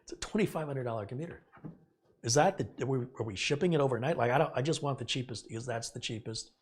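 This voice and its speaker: A man's voice: mid-range voice, fast talker, slight background noise. A middle-aged man hosting a live stream, casually retelling a story and acting out the quoted dialogue with indignation. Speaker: host.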